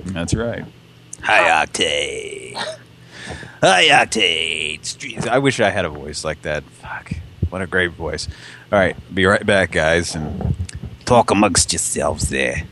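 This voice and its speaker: A man's voice: sits low, a little slow, fairly bright tone, slight background noise. A man hosting a live prank call show, with crude, jokey banter and frequent laughs.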